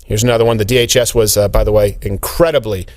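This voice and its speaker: A man hosting a political talk show, sarcastic and animated, often slipping into mocking impressions. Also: lowish voice, fast talker. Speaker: show host.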